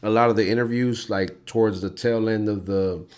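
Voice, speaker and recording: A man hosting a casual interview, talking in a relaxed, rambling way with many restarts. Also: fairly low pitch, normal speed. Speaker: podcast host.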